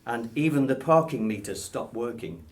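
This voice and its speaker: This British man in his sixties speaks at a normal speed in a medium-pitched, expressive voice. During a casual interview, his answers come out hesitantly, with chuckles and frequent ums.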